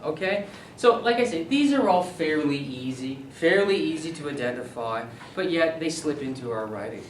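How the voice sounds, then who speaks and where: A middle-aged male professor teaching a seminar, his voice bouncing high and low as he quizzes the class and echoes their answers. He sounds fairly high for a man and stands back from the camera in an echoey room. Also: moderate pace, far from the mic, slight background noise. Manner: animated, asks the class questions and repeats their answers. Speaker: university English professor. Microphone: camera at a distance.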